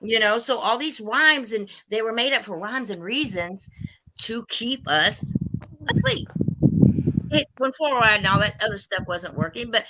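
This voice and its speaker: A woman's voice: fairly high pitch, measured pace, background noise. A woman in her fifties hosting a casual spiritual chat, telling stories and acting out the quotes in them. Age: 50s. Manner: animated storytelling, acting out quotes. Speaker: host.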